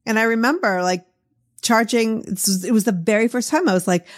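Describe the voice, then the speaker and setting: A woman's voice: a little high, normal speed. A middle-aged woman with a Boston accent hosting a podcast, chatting in a casual, encouraging way and laughing easily. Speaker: podcast host. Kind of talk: casual interview chat.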